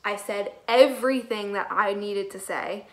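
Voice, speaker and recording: A woman's voice: medium pitch, measured pace, rough recording. Chatty rambling young woman vlogger. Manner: chatty, rambling, laughs often. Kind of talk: casual daily vlog. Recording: faint background noise.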